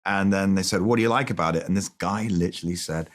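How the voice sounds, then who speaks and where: A man with a lowish voice tells stories in a relaxed podcast chat. He rambles and restarts, curses freely, and acts out the voices of the people he quotes. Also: fast. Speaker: film director guest. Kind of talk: casual anecdotal storytelling.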